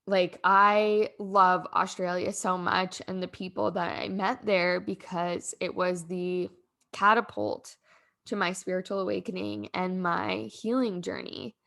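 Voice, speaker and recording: A woman's voice: on the low side, unhurried, creaky, fairly bright tone. Emotional young woman telling her story. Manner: rambling, heartfelt, frequent "like" fillers. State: emotional, near tears. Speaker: podcast host. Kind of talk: casual personal storytelling.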